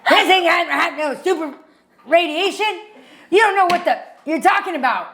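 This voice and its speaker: A woman voicing a brash, loud female airport security officer who scolds and yells indignantly. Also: very high-pitched, expressive, normal speed, a little hiss or hum, voice pushed up, full character voice.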